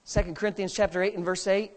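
A male pastor talks fast with a flat delivery while preaching in a church sanctuary. Still emphatic, he alternates loud bursts with low asides and slips in jokes.

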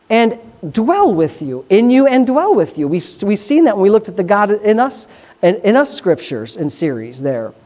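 A pastor, preaching in a conversational, animated way, with asides and quick questions to the congregation. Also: mid-range voice. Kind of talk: sermon.

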